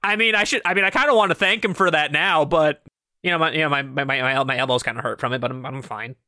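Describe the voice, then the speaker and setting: A man's voice: a little high, quick pace, sharp tone, dry recording, clean studio sound. A man voicing a flustered, shy young woman who stammers nervously in an improvised tabletop role-play. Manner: nervous, stammering, self-conscious.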